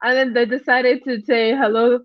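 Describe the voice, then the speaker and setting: A woman's voice: a little high, measured pace, no room sound, dull audio. A woman hosting a casual livestream, chatting with viewers, greeting them by name and often repeating her phrases. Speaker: livestream host.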